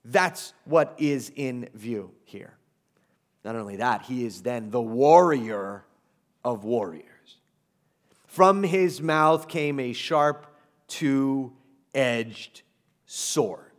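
A man's voice: mid-range voice, lively intonation, drawn-out words. A pastor preaching a sermon to his congregation, conversational and emphatic, with asides and humor.

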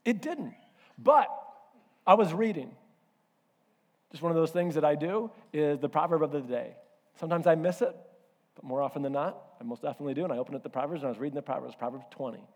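A male pastor preaching a sermon, telling a personal story in an animated way and acting out voices and asides. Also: on the high side, fast talker, pauses often. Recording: hall reverb.

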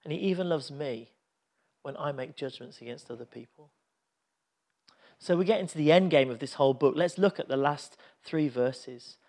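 Earnest preaching man, slightly high voice. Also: moderate pace, darkish tone. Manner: earnest, reflective storytelling. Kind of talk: sermon.

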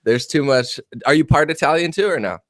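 A man's voice: fairly high pitch, a little fast, no echo. A man from New Jersey hosting an interview, talking in a laid-back, joking, slangy way. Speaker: podcast host. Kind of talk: casual interview chat. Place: West Coast of the US.

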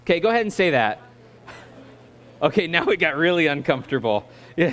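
An American man giving a sermon in a voice a little higher than most men's. His delivery is easygoing and joking, as he coaxes the congregation to join in and answer back. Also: lively intonation, quick pace, a bit bright. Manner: conversational, joking, audience-engaging. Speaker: guest preacher. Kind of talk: sermon with opening prayer.

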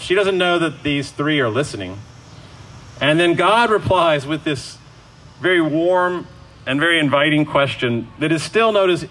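A man's voice: a little high, pushed and bright, a little hiss or hum, poor audio. A man preaching a sermon in a casual, conversational way, acting out the quoted lines as he goes.

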